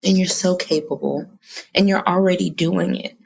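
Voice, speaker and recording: A woman's voice: on the low side, normal speed, vocal fry, husky. A woman in her thirties, a podcast host, talking earnestly about her own healing and holding back tears. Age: 30s. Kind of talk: personal confessional talk.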